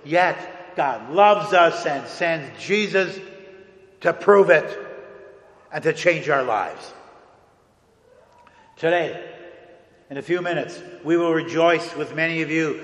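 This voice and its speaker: A man preaching a sermon as a pastor, earnest and deliberate, with dramatic pauses, recorded in a church sanctuary. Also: fairly high pitch, a bit bright. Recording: echoey hall with long reverb.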